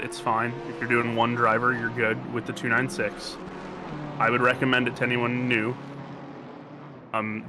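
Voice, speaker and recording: A man with an American accent giving casual, joking commentary on a sim race. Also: mid-range voice. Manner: jokey, rambling, quick to banter. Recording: noisy stream audio.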